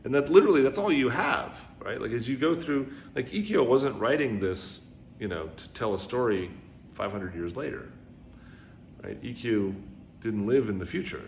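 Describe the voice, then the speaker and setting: Speaking at a moderate pace with lively intonation, a man on the low side gives a casual Zen dharma talk full of "right?" and "you know." When quoting dialogue, he raises his voice to act it out, against a roomy echo and faint background noise.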